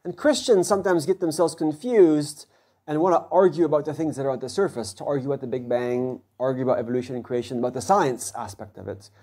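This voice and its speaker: Mellow-voiced man giving a lecture. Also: mid-range voice, quick pace. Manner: conversational, often checks in with the audience. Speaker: physics professor giving a guest lecture. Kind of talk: public lecture to a live audience. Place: event hall before an audience.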